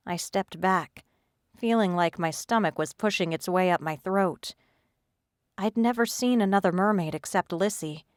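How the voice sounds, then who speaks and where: A woman reading a first-person audiobook in a steady, scripted storytelling manner. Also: lowish voice, measured pace, clear, resonant tone, dry recording, studio quality. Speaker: audiobook narrator.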